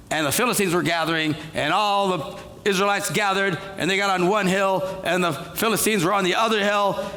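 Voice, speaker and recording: Animated, gravelly-voiced preacher. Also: male voice, high voice, in a large hall. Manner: animated, jokey, acts out characters with shouted quotes. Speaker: pastor. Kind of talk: comedic sermon storytelling. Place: church auditorium.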